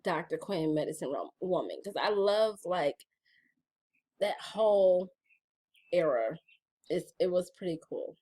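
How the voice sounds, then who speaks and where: A woman's voice: fairly low pitch, big pitch swings, a little slow, long pauses, warm tone, slightly rough. A middle-aged woman vlogging about her gratitude journal in casual, playful chat, calling her viewers y'all.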